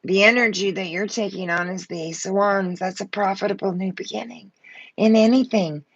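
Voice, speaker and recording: A woman's voice: mid-range voice, steady tone, normal speed, highs cut off. A woman giving a live tarot reading, blunt and fired up, swearing freely as she talks. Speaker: tarot reader.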